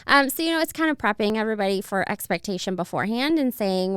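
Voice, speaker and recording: A woman's voice: a little high, animated, brisk, a bit bright, smooth, dry recording, clean studio sound. A young woman, a family photographer, chatting in an interview, fond and laughing often as she talks about children. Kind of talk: casual interview chat.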